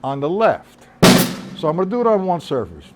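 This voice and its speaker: A man's voice: fairly high pitch, huge pitch swings, fairly quick, loud music behind the voice. A man teaching a drum lesson on a live stream, explaining accents and counting the beats aloud. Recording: loud drums behind the voice. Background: drum kit playing.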